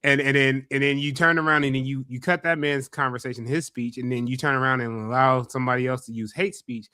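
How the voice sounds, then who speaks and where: A man hosting a casual podcast, talking in an animated, profane way and repeating himself when worked up. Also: mid-range voice, quick pace, smooth, no room sound, studio quality. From Los Angeles area. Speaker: podcast host.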